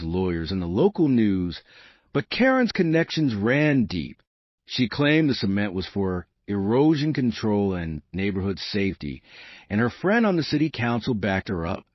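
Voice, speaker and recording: A man tells a scripted first-person story with a dramatic, emphatic delivery. His voice sits low but moves through a wide, lively range. The recording is dry and slightly dull, like a lo-fi voice-over. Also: no echo. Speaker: narrator.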